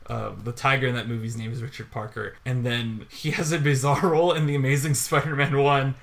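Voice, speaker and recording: A man co-hosting a podcast, chatting casually and rambling with frequent laughter. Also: medium pitch. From Chicago area. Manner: rambling, animated, laughs often. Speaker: podcast co-host. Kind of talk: casual chat.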